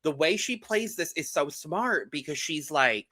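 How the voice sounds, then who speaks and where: Young man, podcast co-host, very bright voice, lively pitch, playful, gossipy, casual chat. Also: a little slow. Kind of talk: casual reality-TV recap chat.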